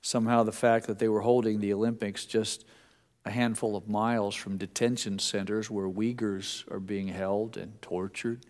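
A man's voice: lowish voice, level tone, moderate pace, a little mellow, long reverb tail. A man preaching a sermon as pastor, talking in a conversational way with restarts and repeated words.

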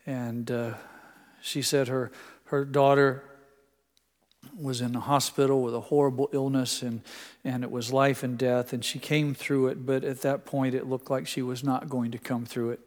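A man's voice: medium pitch, flat delivery, moderate pace. Older male pastor preaching in a hall. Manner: storytelling with many quotes, dropping soft for emphasis. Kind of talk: sermon. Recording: long hall reverb.

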